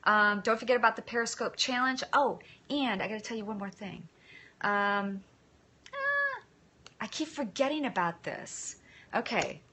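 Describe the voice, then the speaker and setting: Woman, livestream host. Slightly high, bright, punchy voice. Loose, chatty phone-stream delivery with lots of asides. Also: big pitch swings, a little slow. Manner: chatty, thanks viewers by name, scattered asides. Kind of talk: casual livestream chat.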